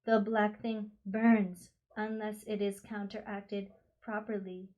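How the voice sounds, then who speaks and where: A woman voicing a gentle, furry alien beast with tentacles, who speaks slowly, softly and calmly. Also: mid-range voice, close to an everyday voice, poor audio. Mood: soothing, grave. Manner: slow, soft, calm and careful.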